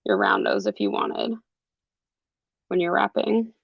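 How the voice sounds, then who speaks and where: A woman's voice: mid-range voice, big pitch swings, a little slow, gravelly, husky, dry recording, muffled recording. A young adult woman teaching a live beading class, chatty, with frequent ums and laughs. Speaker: jewelry class instructor. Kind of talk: live online craft class.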